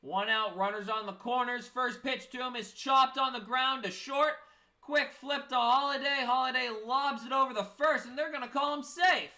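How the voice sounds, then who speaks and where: A man's voice: extremely high pitch, fairly even intonation, moderate pace, sharp tone. A young man giving casual live baseball play-by-play, tired and yawning, with self-mocking asides between the calls. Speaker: play-by-play streamer.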